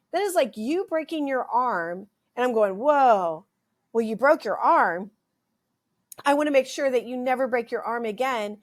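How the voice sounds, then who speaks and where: Emphatic ranting woman podcast host. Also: sits high. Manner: ranting, emphatic, repeats phrases. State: dry throat, clearing it. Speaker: podcast host, health practitioner. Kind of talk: impassioned health podcast monologue.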